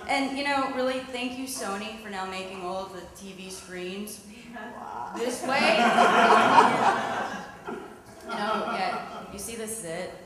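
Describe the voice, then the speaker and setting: A woman's voice: mid-range voice, measured pace, pauses often. A woman in her thirties, a former TV news anchor, doing a stand-up set with wry, self-mocking punchlines on a club stage. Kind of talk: stand-up comedy routine. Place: comedy club stage with live audience. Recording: echoey hall with loud background noise.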